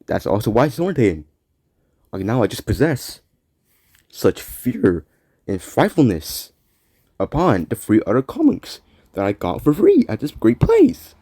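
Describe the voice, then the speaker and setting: A man's voice: medium pitch, wildly swooping pitch, measured pace, pauses often, dark tone, breathy edge, no room sound. A man hosting his own show, talking alone in a casual, rambling way, repeating words and trailing off into mumbled asides. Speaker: podcast host. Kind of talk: casual solo monologue.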